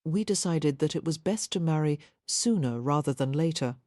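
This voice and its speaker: A woman's voice: deep voice, expressive, normal speed, dark tone, no room sound, studio quality. A woman voicing a reserved, earnest young Victorian woman in an audiobook, speaking in a composed, earnest way.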